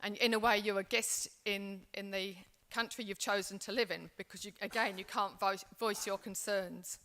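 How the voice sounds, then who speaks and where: A woman's voice: mid-range voice, fairly even intonation, normal speed, fairly bright tone. A woman from England presenting a seminar, speaking in an earnest, reflective way with frequent restarts. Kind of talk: seminar talk.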